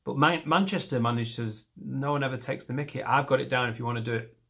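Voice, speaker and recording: Self-mocking comic. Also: male voice, mid-range voice, steady tone, quick pace, creaky, sharp tone. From northern England. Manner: self-deprecating, rambling, mixes in silly voices. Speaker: stand-up comedian. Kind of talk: stand-up comedy set.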